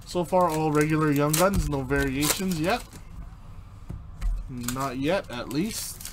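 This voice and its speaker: A man with a slightly high voice hosts a live card break. He talks at an unhurried pace, calls out player names and chats with viewers, with faint noise in the background. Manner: reads out player names while opening packs, chatting with viewers. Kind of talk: live card-opening commentary.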